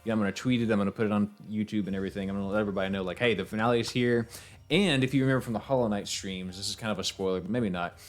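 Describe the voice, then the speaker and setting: Tired, fast-rambling low-voiced male streamer. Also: steady tone, faint music behind. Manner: rambling, easygoing, laughs often, many fillers. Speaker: game streamer and voiceover actor. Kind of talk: casual live-stream chat.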